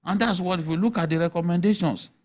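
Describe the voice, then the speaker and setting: His voice sits high and is a little mellow, delivered at a quick pace. On a TV studio panel, this Nigerian-accented guest makes emphatic arguments and fires off rhetorical questions during a lively discussion.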